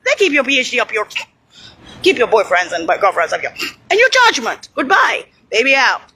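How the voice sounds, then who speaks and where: A woman's voice: on the high side, wildly swooping pitch, a little fast, bright, forceful tone, husky. A woman in a heated, rambling monologue, swearing and dropping Italian phrases as she talks.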